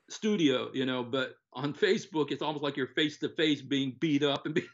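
Older man giving earnest halting testimony. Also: fairly high pitch. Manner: earnest, halting with many fillers. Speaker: interviewee, former TV presenter. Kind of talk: personal testimony. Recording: dull lo-fi recording.

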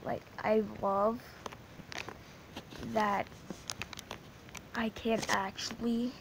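Female gaming host, rambling, giggly, fairly high voice, slow talk. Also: level tone, noisy background. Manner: rambling, giggly, with many restarts. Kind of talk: casual gaming commentary.

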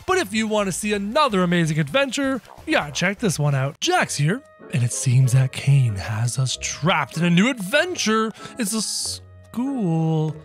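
High-voiced guy narrating a game in character, super playful, pitch jumps all over, bit of music behind. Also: normal speed. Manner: excitable and playful, talks to viewers. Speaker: gaming channel host. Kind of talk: gameplay commentary in character.

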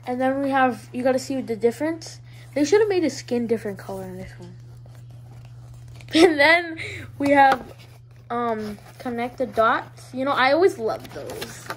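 A woman's voice: high voice, expressive, moderate pace, a little hiss or hum, rough recording. A female vlogger showing her toy collection in a hyper, giggly, rambling way. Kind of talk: casual show-and-tell vlog.

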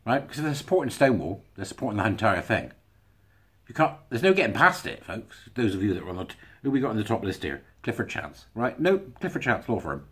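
Husky man with lively, swinging pitch. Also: quick pace. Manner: sarcastic, chuckling asides. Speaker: video blogger. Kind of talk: casual commentary monologue.

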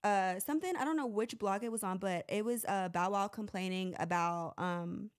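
A woman's voice: medium pitch, moderate pace, clean tone. A woman hosting a podcast, asking her guest questions in a chatty, slangy way. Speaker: podcast host. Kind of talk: casual interview chat.

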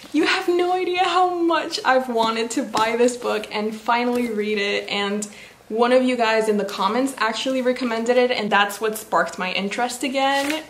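A bubbly young woman with a slightly high voice gushes and giggles through a casual book vlog. She sounds emotional and fills her talk with "like". Her voice rings in an echoey room. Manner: gushing, giggly and emotional, many "like" fillers. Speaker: book vlogger. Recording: echoey room with faint noise.

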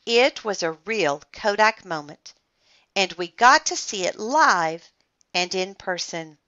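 A woman reading a children's book aloud in an expressive, animated storytelling manner. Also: medium pitch, takes it slowly, lo-fi sound.

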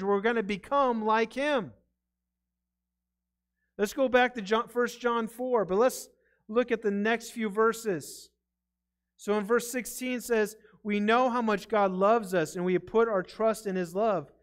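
A man's voice: high-pitched, fairly even intonation, measured pace, fairly bright tone, clean tone. A man preaching a sermon in a church, earnest and conversational, stumbling over his words now and then. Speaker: pastor. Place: church sanctuary.

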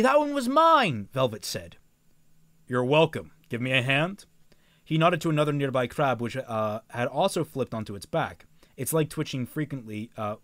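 Young male streamer reading a book aloud, lively sing-song pitch, dry close sound, trips over lines and adds joking asides. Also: dry recording. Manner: stumbles and rereads phrases, breaks off to comment.

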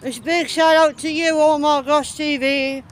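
High-voiced English woman vlogging outdoors. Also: fairly even intonation, moderate pace. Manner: chatty, teasing, laughs often. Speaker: vlogger filming. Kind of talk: casual chat. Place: park outdoors. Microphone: handheld phone camera.

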